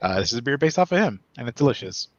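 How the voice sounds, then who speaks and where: A man's voice: medium pitch, big pitch swings, racing, dry recording. A man co-hosting a podcast in casual chat, laid-back and easygoing. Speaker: podcast co-host. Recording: dull lo-fi mic.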